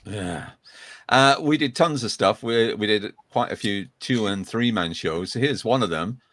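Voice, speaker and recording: A man hosting a casual interview over a video call, prompting his guest in a relaxed, wry way. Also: lowish voice, measured pace, no room sound. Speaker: host.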